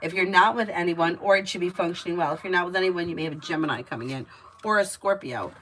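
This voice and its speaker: A woman's voice: fairly low pitch, fast, a little hiss or hum, low-quality recording. A woman giving tarot readings on a live stream, chatty and giggly as she tells stories between readings. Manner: chatty and giggly, lively storytelling. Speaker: tarot reader.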